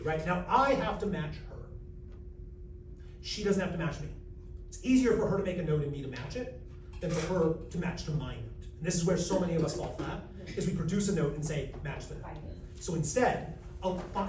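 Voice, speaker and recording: An American man, a vocal coach, teaching a live workshop, joking with the room and demonstrating pitches and animal sounds. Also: darkish tone. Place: large room with an audience. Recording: roomy, distant mic, faint noise.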